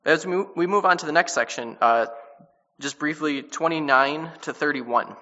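A man with a bright, forceful voice teaches scripture in an easygoing, conversational way, breaking off and restarting as he paraphrases. His voice rings with a long reverb, as if in a large hall, and the recording sounds somewhat dull. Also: fairly high pitch. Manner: casual and conversational, with many restarts and quick paraphrases. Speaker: Bible teacher. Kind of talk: informal Bible study teaching.

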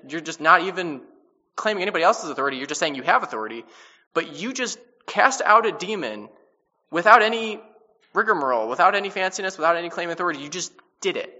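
A man teaching a casual Bible study, reading passages and explaining them in a conversational way with many restarts and quick paraphrases. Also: high voice, pushed and bright. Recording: dull-sounding with long hall reverb.

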